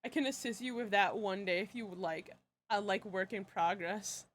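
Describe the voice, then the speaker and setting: A young woman with a medium-pitched voice answers questions at a moderate pace on a casual live stream. The streamer and project creator rambles and giggles, full of fillers and restarts.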